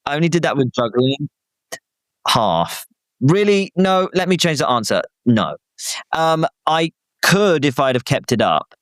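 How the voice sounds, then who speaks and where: A young British man, a guest actor, chatting casually with animated, self-deprecating, rambling stories. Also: on the high side, measured pace, clean tone, no room sound, studio quality. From Britain. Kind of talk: casual chat.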